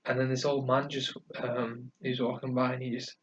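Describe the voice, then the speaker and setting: A man's voice: mid-range voice, flat delivery, brisk, a bit bright, far from the mic. A man hosting a podcast, telling stories casually with lots of fillers and restarts. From North of England. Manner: rambling, hesitant storytelling with many fillers. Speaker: podcast host. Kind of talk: casual chat. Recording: muffled sound from away from the mic.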